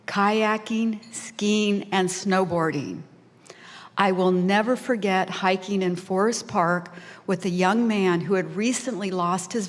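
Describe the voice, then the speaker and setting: A woman in her sixties giving a heartfelt prepared speech as a volunteer at a fundraising lunch. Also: mid-range voice. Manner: heartfelt, emotional, tearing up at times. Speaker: volunteer speaker. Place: large banquet hall. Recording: reverberant hall PA.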